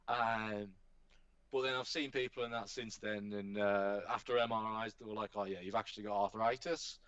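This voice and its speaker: A man, a professional wrestler chatting as a podcast guest, telling animated stories and swearing casually. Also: fairly low pitch, normal speed, clear, resonant tone, no echo. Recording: dull, dry podcast recording.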